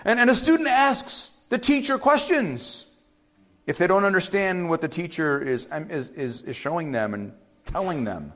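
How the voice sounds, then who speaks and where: A middle-aged man preaching a sermon as pastor, urging loudly one moment and dropping to quiet asides the next. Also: high-pitched, moderate pace. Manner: animated, swings from loud urging to quiet asides.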